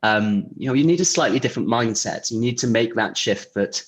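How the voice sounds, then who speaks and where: A man talking casually as an interview guest, relaxed and chatty, with many fillers and restarts. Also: medium pitch, brisk. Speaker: guest, insurance technology vendor.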